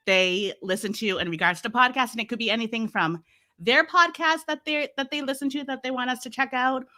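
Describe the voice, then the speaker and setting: A bright, forceful-sounding woman with a Massachusetts accent, talking casually in an interview. She tells her stories with energy, laughing often and slipping into other people's voices. Her tone stays crisp and clear throughout. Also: mid-range voice. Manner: lively storyteller, laughs often, acts out quotes. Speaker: podcast host and guest.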